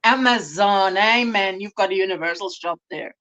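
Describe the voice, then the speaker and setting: A woman's voice: mid-range voice, moderate pace, a crowd in the background. A South African woman hosting a casual livestream chat, chatty and laughing often as she reads viewer comments aloud. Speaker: livestream host.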